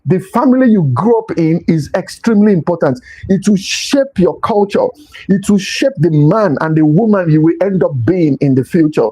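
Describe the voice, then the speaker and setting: Man, motivational talk, emphatic repetition, high husky voice, mellow tone. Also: animated, normal speed, poor audio. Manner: emphatic, repeats key phrases. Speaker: host.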